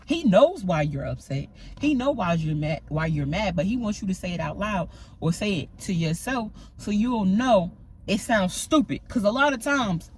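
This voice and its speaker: A woman's voice: mid-range voice, husky, rough recording. A woman giving a casual, emphatic faith talk to her viewers, often checking in with "right?" as she goes. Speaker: faith vlogger. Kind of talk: casual spiritual talk to camera.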